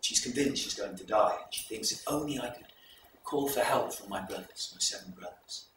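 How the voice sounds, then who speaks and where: A man with a bright, forceful voice tells a folk tale to a live audience, measured and explanatory. He is heard from a distance in an echoey hall, with faint ambient noise behind him. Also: lowish voice. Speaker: presenter introducing a folk performance. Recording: echoey hall recorded from far off.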